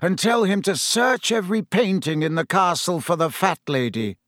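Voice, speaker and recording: A grave old headmaster, voiced by a man, speaks calmly and evenly, with quiet authority in a slightly raised voice. The sound is close and dry. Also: high voice, dry recording, pitched above the performer's own voice. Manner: calm, measured. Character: calm, grave elderly male headmaster.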